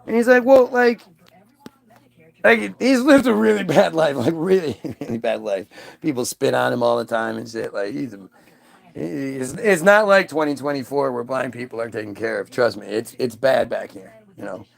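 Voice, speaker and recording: A man's voice: medium pitch, moderate pace, vocal fry, voice pushed down. Hesitant nervous onlooker, cautious phrasing; a man voices him in a comic rant.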